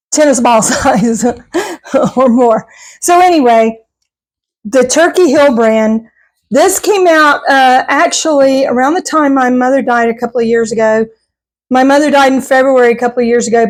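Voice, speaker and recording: A woman's voice: on the high side, poor audio. A middle-aged woman, chatting casually to camera at home on a clip-on mic, rambling and laughing often. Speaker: vlogger. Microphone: clip-on microphone.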